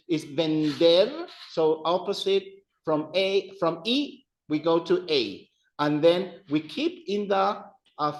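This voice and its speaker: A man's voice: fairly high pitch, low-quality recording. A man teaching an adult Spanish class, patiently repeating words for his students to practice.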